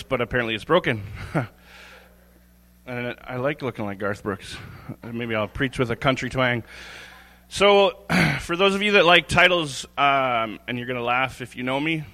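Long hall reverb fills this recording of a lay preacher in a church sanctuary. His mid-range, sharp voice moves at a moderate pace as he gives a casual, candid sermon, chuckling and restarting his phrases.

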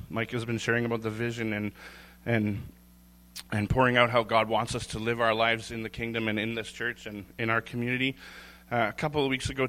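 A man's voice: mid-range voice, pushed and bright. A man giving an informal, candid church sermon, chuckling and restarting his phrases as he talks. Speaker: lay preacher. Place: church sanctuary. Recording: long hall reverb.

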